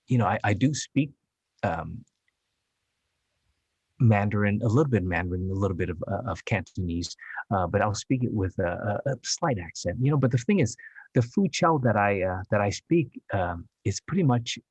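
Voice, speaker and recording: A man who is an actor, speaking English as a later language, chatting as a podcast guest in a rambling, halting way with frequent laughs. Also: lowish voice, animated, a little mellow, husky, no room sound. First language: Chinese dialect. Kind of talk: casual interview chat.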